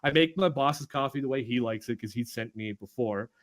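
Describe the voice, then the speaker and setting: A man's voice: medium pitch, brisk. A young man, a podcast co-host, tells a story among friends, swearing freely and acting out everyone's lines. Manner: animated, swears constantly, acts out quotes.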